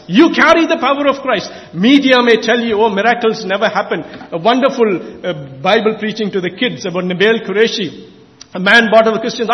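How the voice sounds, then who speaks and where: A man's voice: high voice, long reverb tail, dull audio. A man preaching an impassioned sermon in a church, repeating and exhorting his listeners. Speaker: lay preacher.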